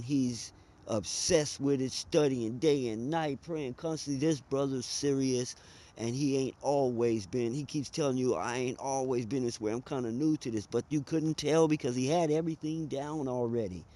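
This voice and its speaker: Mellow-voiced man telling his story. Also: medium pitch. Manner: conversational, emphatic, drawls and speeds up. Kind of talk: personal storytelling monologue.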